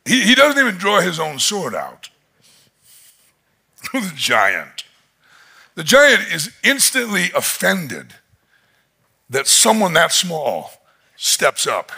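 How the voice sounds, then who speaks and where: A male pastor preaching a sermon in an animated storytelling manner, chuckling often as he tells the story. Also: high voice, slow pace, gravelly, long pauses, husky.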